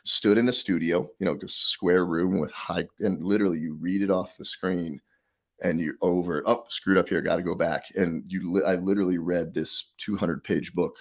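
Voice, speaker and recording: Guest: middle-aged man, low husky voice, lively storyteller. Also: normal speed. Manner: animated storyteller, acts out quotes. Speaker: podcast guest, author. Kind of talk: casual interview chat.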